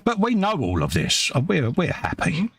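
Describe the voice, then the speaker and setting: Gravelly guy hosting a hobby stream, husky and super animated, cracking jokes at his mate, dry close mic. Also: on the high side, moderate pace, no echo. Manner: jokey, self-mocking, greets chat viewers. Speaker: livestream co-host. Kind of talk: casual banter while model building.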